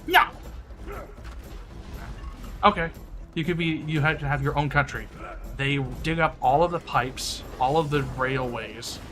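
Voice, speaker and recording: A man's voice: on the high side, unhurried, long pauses, music in the background. A young man streaming a game, ranting in a crude, mocking way and laughing often. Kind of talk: casual game-stream rant.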